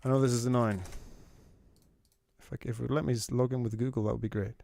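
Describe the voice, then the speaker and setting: A man's voice: mid-range voice, fairly even intonation, quick pace, vocal fry, warm tone. A man streaming live, muttering to himself in exasperation as he works, then explaining his process to the chat. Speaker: streamer giving feedback.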